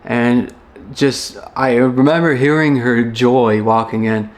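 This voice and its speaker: A young man from Chicago, a former firefighter, telling a personal story in a halting, reflective way with many restarts. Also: mid-range voice, steady tone.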